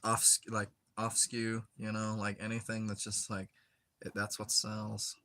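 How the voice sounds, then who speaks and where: A man's voice: lowish voice, completely flat delivery, unhurried, pushed and bright. A young man chatting casually while he plays a game, rambling with lots of filler words and frequent giggles. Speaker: gaming streamer.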